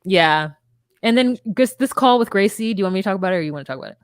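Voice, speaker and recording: A woman's voice: medium pitch, expressive, very fast, clean tone, no echo. A woman co-hosting a podcast, retelling scenes in casual chat. She acts out what people say and mixes in crude jokes. Her voice sounds dry and close. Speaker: podcast co-host.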